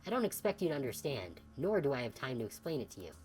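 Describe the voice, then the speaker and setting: A woman voicing a gaunt, sickly older male scientist in video game dialogue, formal and measured. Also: extremely low pitch, big pitch swings, a little mellow, faint music behind. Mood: grave.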